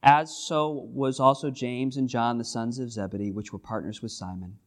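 A man preaching a sermon, reading scripture and then retelling it in casual, animated paraphrase. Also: medium pitch, normal speed. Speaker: pastor.

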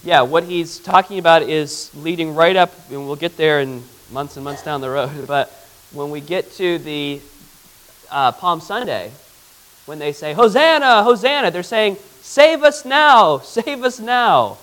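Man, pastor, bible teaching, conversational, asks questions, slightly high voice. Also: fairly bright tone, poor audio. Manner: reads scripture aloud slowly.

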